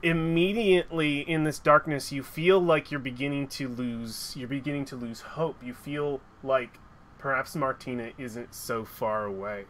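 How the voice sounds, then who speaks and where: A man narrates a tabletop game as game master, dragging the pace out and circling back over his words. His voice is bright and a little high. Faint room noise sits behind him. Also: fairly even intonation. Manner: slow, halting narration with restarts.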